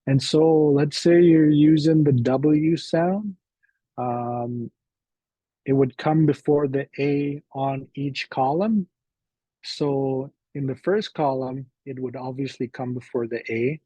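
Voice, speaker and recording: A man giving a teaching presentation, slowly sounding out syllables and often checking in with "right?". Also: mid-range voice, steady tone, dark tone, slightly rough, dry recording, rough recording. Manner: slow, repeating syllable sounds aloud; frequent fillers and "right?" tags.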